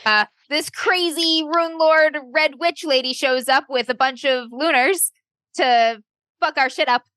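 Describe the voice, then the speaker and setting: A woman's voice: high voice, measured pace, sharp tone, dry recording. A woman casually recapping a tabletop game session, laughing and swearing as she goes. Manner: laughing, swearing, loose and joking. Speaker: player and co-host.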